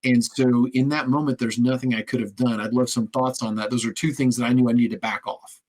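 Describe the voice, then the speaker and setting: A man's voice: mid-range voice, fairly quick. A man hosting a podcast, telling stories in a casual conversational way and acting out quoted voices as he goes. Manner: animated storyteller, acts out quoted voices. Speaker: podcast host. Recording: husky, occasionally crackly audio.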